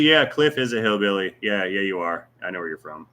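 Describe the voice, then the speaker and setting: A man's voice: low-pitched, fairly quick, bright, forceful tone. A man hosting a casual livestream Q&A, reading viewer comments aloud with jokes, teasing and rambling asides. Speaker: YouTube channel host.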